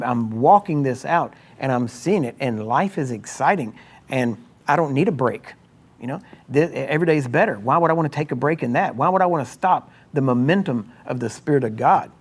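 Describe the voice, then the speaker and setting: A middle-aged man preaching a sermon in a conversational way, often asking "Why?" and "Amen?", and at times rising into loud, high exhortation. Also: animated, normal speed, slightly rough. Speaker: pastor.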